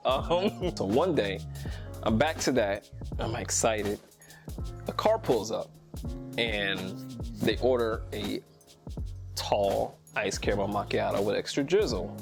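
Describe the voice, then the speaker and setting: A man vlogging, telling a personal story in a casual, animated way, laughing often and acting out the people he quotes. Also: mid-range voice, gravelly. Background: music.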